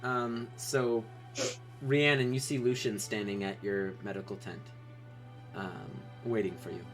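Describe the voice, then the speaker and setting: A man's voice: mid-range voice, level tone, unhurried, a bit bright, faint music behind. A man narrating as game master in a live tabletop game, loose and hesitant in delivery. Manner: loose, hesitant with fillers, friendly.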